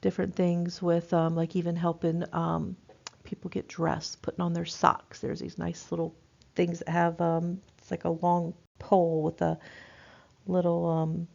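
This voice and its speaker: A woman teaching a nursing class in a relaxed, informal way, with lots of ums and restarts. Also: fairly low pitch, unhurried, creaky. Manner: informal, many fillers and restarts. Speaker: nursing instructor. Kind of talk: recorded lecture. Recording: dull lo-fi lecture recording.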